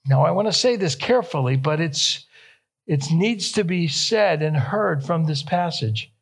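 A young male pastor preaches a sermon in a fairly high, animated voice, speaking slowly and deliberately. He's emphatic, repeating key phrases and rising with feeling to quoted questions.

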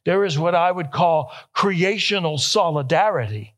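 Delivering a sermon slowly and with deliberation, this young pastor has a fairly high voice and lively intonation. He stresses his points by repeating key phrases, and his voice lifts emotionally at quoted questions.

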